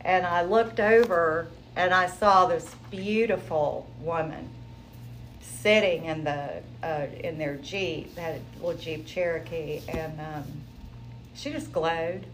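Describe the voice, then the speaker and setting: Animated woman telling her story. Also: fairly low pitch, takes it slowly, slight background noise, low-quality recording. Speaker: guest sharing testimony. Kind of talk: personal testimony in interview.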